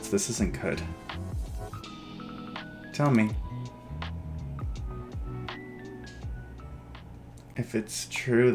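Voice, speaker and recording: A man voicing a brooding, flirtatious male grim reaper in a dating game, with a low, teasing delivery. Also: creaky, exaggerated voice. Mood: confessing. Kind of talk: voiced dating-game dialogue.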